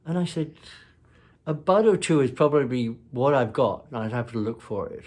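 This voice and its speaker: A man's voice: medium pitch, a little mellow. Rambling man telling a personal story. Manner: rambling, halting, many fillers and restarts. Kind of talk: casual storytelling.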